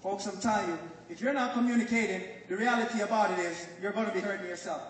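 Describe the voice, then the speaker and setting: A man's voice: sits high, fast talker. A man with a Jamaican accent giving a motivational business talk to a crowd, joking and telling stories and quizzing the audience. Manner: joking, animated storyteller who questions the crowd. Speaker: business presenter. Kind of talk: motivational speech to a live audience. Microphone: phone recording from the audience, far off. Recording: echoey hall, distant phone recording, faint noise.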